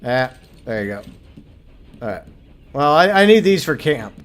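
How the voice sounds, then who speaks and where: A man's voice: mid-range voice, very animated, normal speed. A man from Minnesota giving casual, joking commentary as he streams a game, swearing freely.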